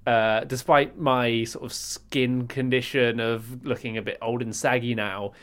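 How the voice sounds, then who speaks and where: English male podcast co-host, mid-pitched, rambling comic storyteller. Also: steady tone, a little slow. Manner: rambling storyteller, self-mocking, bursts into loud repeated lines. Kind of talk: casual chat.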